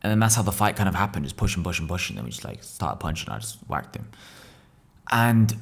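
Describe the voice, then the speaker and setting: Fast-talking man in his twenties. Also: sits low, creaky. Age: 20s. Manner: profane, slangy, animated retelling. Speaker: podcast guest. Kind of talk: casual storytelling.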